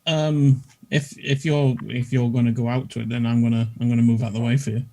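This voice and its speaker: A man's voice: medium pitch, flat delivery, fairly quick, dark tone. A man playing a tabletop game, talking casually and hesitantly with many restarts. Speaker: player.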